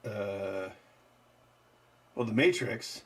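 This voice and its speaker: This man hosts a live stream and talks with viewers extremely slowly, in a fairly low voice with a breathy edge. He rambles casually while answering the live chat, using lots of fillers.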